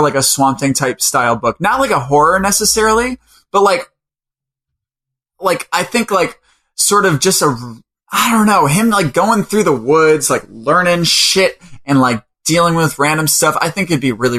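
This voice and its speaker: A man's voice: on the high side, bright, forceful tone. A man co-hosting a comics podcast in casual, chatty talk, laughing often. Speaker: podcast co-host. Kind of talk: casual chat.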